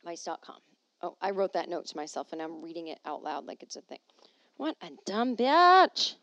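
A woman's voice: sits low, quick pace, no room sound. Sarcastic woman hosting a comedy podcast. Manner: animated, sarcastic asides while reading aloud. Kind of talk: casual comedic monologue. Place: at home.

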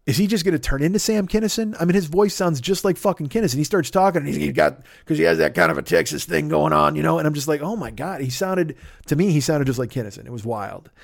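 Fast and with few pauses, a man with a fairly high, gravelly voice rambles through a profane sponsor plug on his podcast, often interrupting himself to restart. The casual chat is captured in studio quality with no room sound.

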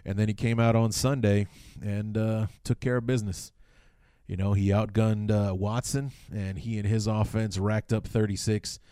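A man's voice: fairly low pitch, little pitch movement, moderate pace, dark tone, smooth, no echo, clean studio sound. A man hosting a casual sports podcast, rambling with lots of fillers and restarts. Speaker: podcast host.

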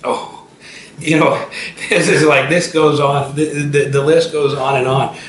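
A man's voice: fairly high pitch, flat delivery, unhurried. Man in his fifties, distant roomy sound. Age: 50s. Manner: storytelling, frequent restarts and fillers. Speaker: entrepreneur guest. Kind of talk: casual interview talk. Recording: roomy and distant with faint noise.

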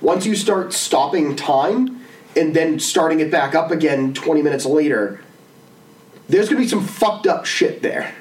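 A man co-hosting a casual podcast chat, animated, jumping between loud bursts and mumbled asides. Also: a little high, unhurried, reverberant. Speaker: podcast co-host. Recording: slightly distant mic with faint room noise.

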